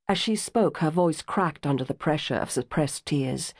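A woman narrating an audiobook in a lively, expressive reading. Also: low voice, normal speed, hardly any pauses, dry recording, studio quality. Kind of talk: scripted narration.

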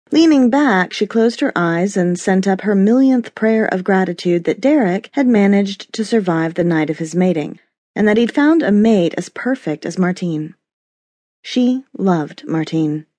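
A woman narrating a romance audiobook in an expressive storytelling manner, close to a studio mic. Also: mid-range voice, dry recording. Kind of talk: scripted narration.

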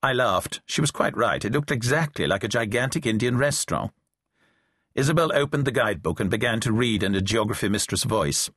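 A man's voice: mid-range voice, animated, brisk, fairly bright tone, husky, dry recording. A middle-aged man reading a novel aloud, with dry, wry storytelling. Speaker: audiobook narrator. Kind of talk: reading a novel aloud, voicing characters lightly. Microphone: close studio mic, dry booth.

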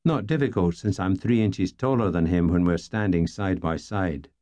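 A man's voice: sits low, moderate pace, dark tone. A man narrating a first-person novel in a dry, wry storytelling manner. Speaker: audiobook narrator.

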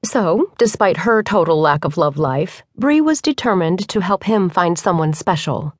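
A woman narrates an audiobook from a script, keeping an even, measured storytelling manner. Her pitch is fairly low, and the studio-quality recording has no room sound.

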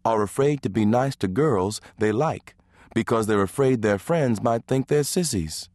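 A man voicing a teasing, sharp-tongued wife and mother in an audiobook, with playful, needling banter. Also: fairly low pitch, expressive, unhurried, no room sound, voice pushed up. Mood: fond.

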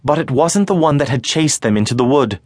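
A man narrating a children's audiobook in a measured storytelling manner. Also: mid-range voice, animated, no room sound. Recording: dry studio recording.

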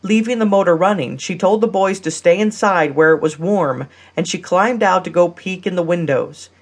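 A woman narrating a romance audiobook in a measured, steady reading style. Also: fairly low pitch, breathy edge. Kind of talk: scripted narration.

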